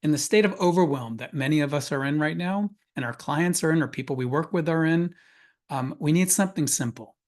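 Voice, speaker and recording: A man's voice: a little high, fairly quick. A man presenting on a webinar panel, telling a personal story earnestly with frequent restarts. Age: adult parent of a school-age child.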